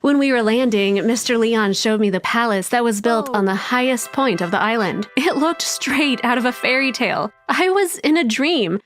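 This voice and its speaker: A woman's voice: on the high side, expressive, normal speed, few pauses, a bit bright, faint music behind. Wide-eyed woman narrating a storybook. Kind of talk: first-person storybook narration.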